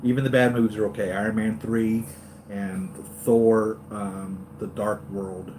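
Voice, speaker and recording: A man hosting a live stream for his toy-collector channel, chatting excitedly and going off on tangents, with lots of fillers and restarts. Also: on the low side, measured pace, a little hiss or hum. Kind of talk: rambling live-stream fan chat.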